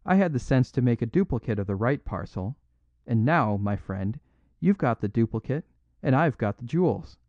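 A man's voice: medium pitch, lively intonation, moderate pace, a little mellow, no room sound, close to an everyday voice. A man reading an audiobook, voicing a bold, mocking male master thief in a dry, dull recording. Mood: gloating. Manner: mocking, boisterous.

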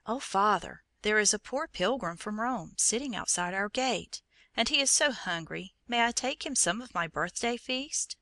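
A woman's voice: lowish voice, normal speed, few pauses, bright, forceful tone, no echo. A woman reading a storybook, voicing a kind, earnest six-year-old boy. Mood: eager.

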